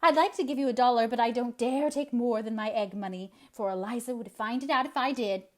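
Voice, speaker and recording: A woman reading aloud, voicing a timid but optimistic older spinster who talks in a hurried, hopeful way. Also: mid-range voice, animated, close to an everyday voice.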